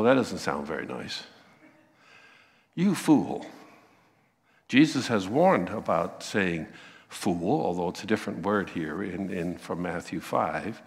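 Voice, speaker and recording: A man preaching a sermon, acting out the voices he quotes with lively emphasis. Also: lowish voice, gravelly, big-room sound. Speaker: pastor.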